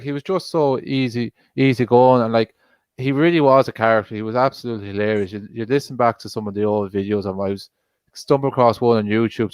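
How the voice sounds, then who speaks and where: A man co-hosting a football watch-along, talking in a relaxed, reflective way and saying "like" often. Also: on the low side, clean tone, no echo. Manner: relaxed, reflective, says "like" a lot. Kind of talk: casual chat.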